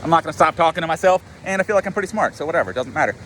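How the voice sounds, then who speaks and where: Male vlogger and life coach, casual self-mocking ramble with lots of swearing, slightly high voice. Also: lively intonation, very fast, a bit bright, a little hiss or hum. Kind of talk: casual spoken monologue.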